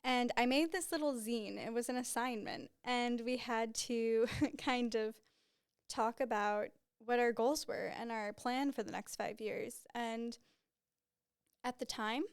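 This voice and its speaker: A young woman in her twenties hosts a relaxed solo podcast, talking in a rambling, openly emotional way. Her voice sits a little high, smooth and clear, and it is close to the mic in a dry, dead small studio. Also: measured pace, no room sound. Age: 20s. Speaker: podcast host. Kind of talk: casual solo podcast chat. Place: small studio room with a white backdrop. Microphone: podcast microphone.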